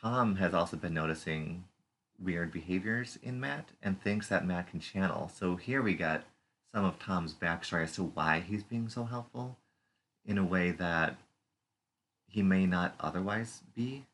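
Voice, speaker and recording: Speaking a little slowly in a low, fairly bright voice, the male co-host of a podcast banters about a TV episode. His manner is playful, with puns, silly put-on voices and lighthearted jokes throughout the casual recap.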